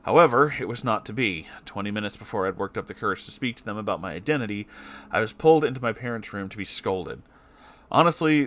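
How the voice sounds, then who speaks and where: Man with a lowish voice reads a story aloud, cutting in with heated, profane reactions. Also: a bit bright. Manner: breaks off to swear and react angrily. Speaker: story reader.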